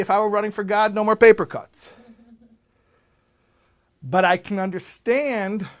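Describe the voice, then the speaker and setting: A man speaking as a rabbi, telling a personal story in an animated way and often repeating himself. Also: sits high. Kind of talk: storytelling talk.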